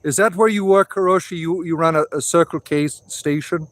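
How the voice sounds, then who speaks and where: A man in his forties hosts a casual outdoor livestream, rambling through viewer comments and swearing freely. His voice is a little high and brisk with a fairly bright tone, recorded dry.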